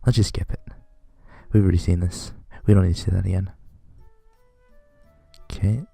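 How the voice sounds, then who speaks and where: A man with a very low, gravelly voice talks through a game in a relaxed, rambling way. His tone is dark and mellow, and the sound is dry, with faint music behind him. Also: normal speed, no echo. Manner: relaxed, rambling, reads game text aloud. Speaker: let's play commentator. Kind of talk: casual game commentary.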